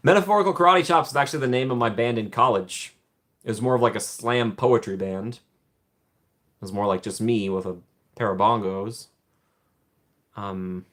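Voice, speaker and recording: A man in his thirties hosting a casual live stream from home, reading and thanking viewers by name with playful, rambling jokes and quick laughs. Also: mid-range voice, fairly bright tone. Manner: jokey asides, quick laughs. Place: room at home.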